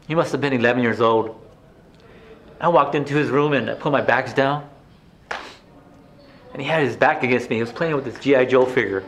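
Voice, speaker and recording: An actor playing a haunted male inmate reliving his painful youth, telling it in a halting, emotional theatrical monologue with stammered restarts. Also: medium pitch, a little hiss or hum, close to an everyday voice. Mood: wistful.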